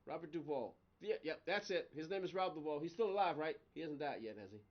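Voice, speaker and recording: A man's voice: fairly high pitch, fairly quick, muffled recording. A man chatting casually on a live game stream, rambling between stories and laughing often. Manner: chatty, laughs often, voice jumps up when excited. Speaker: gaming livestream host.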